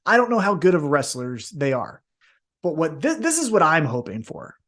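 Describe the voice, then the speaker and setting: A man's voice: a little high, big pitch swings, normal speed, fairly bright tone. A man co-hosting a casual podcast, talking animatedly, swearing freely and acting out wrestlers in jumpy voices. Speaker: podcast co-host.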